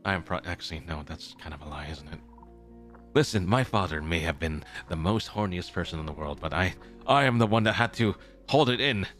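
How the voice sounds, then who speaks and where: Young male streamer, lowish voice with a sharp, bright edge, rambling casual chat, faint music underneath. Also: a little fast. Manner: rambling, self-correcting, repeats phrases. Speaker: streamer in character as a traveling merchant.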